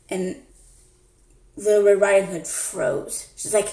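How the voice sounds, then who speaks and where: Slow, playful woman storyteller. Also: fairly low pitch, vocal fry, mellow. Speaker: storyteller and channel host. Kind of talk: casual storytelling. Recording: echoey room.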